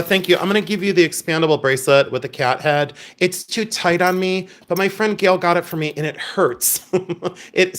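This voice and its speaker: Chatty man hosting a live jewelry sale. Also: a little high. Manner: chatty, laughing, bawdy storyteller; addresses chat viewers by name. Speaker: live-stream jewelry seller. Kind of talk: casual live-stream sales chat.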